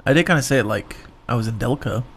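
A man's voice: medium pitch, animated, fast talker, vocal fry, slightly rough. A man co-hosting a sports radio show, answering trivia and trading laid-back quips. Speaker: radio co-host. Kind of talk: casual sports radio chat.

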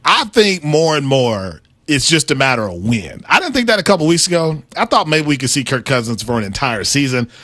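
Dry, lively-voiced man talking football. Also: a little high, dry recording. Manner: conversational, self-deprecating, quick to laugh. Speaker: sports analyst co-host. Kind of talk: casual sports talk.

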